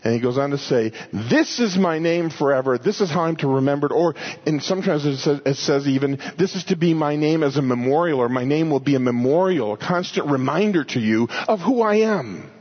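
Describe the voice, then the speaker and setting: A man preaching a sermon, explaining Bible verses and paraphrasing scripture aloud, at times loud and at times quiet. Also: fairly high pitch, expressive, a little fast, hardly any pauses, highs cut off. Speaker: pastor teaching a Bible study.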